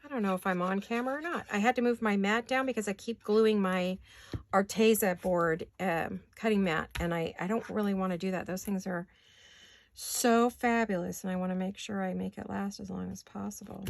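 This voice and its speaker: Raspy woman vlogger, allergy voice, chatty self-talk while she glues stuff, mid pitch. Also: steady tone, normal speed, dry recording. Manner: chatty, talks to herself while working. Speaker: paper craft vlogger. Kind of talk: casual crafting chat. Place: home craft studio.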